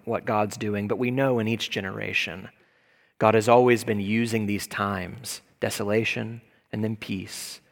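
A man's voice: lowish voice, gravelly. Man preaching in a reverberant hall. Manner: emphatic preaching that rises to loud bursts. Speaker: pastor. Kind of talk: sermon. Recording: long reverb of a large hall.

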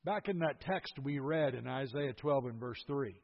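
A man's voice: medium pitch, normal speed, few pauses. An older man preaching a sermon, explaining scripture verse by verse with emphatic asides. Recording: husky voice, dull lo-fi sound, long hall reverb.

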